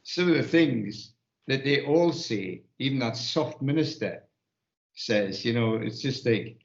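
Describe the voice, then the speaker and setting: A man rambling in a halting way on a finance podcast panel, often restarting his sentences. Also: medium pitch, animated. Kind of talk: casual panel chat. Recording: muffled audio in a roomy space.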